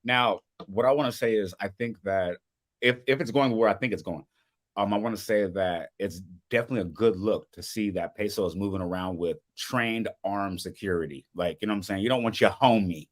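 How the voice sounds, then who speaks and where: A man's voice: lowish voice, a little fast. A man commenting casually on a video he is watching, slangy, repeating "you know what I'm saying" and laughing often. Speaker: reaction streamer.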